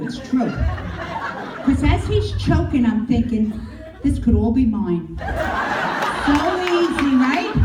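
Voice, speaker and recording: A woman's voice: high-pitched, noisy background. A middle-aged woman doing a brash, crude stand-up comedy set. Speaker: stand-up comic. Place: comedy club. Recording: echoey club from a distance. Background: audience laughing.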